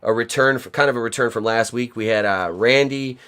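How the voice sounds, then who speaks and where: A man's voice: medium pitch, brisk, a bit bright, clear, resonant tone. Host: casual, rambling storyteller, a man with a mid-range voice. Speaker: podcast host. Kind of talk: casual chat.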